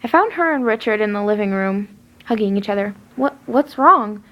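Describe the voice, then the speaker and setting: A woman's voice: mid-range voice, lively intonation, fast talker, lo-fi sound. A woman reading a first-person story aloud, with a dramatic, emotional and tearful delivery. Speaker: story reader.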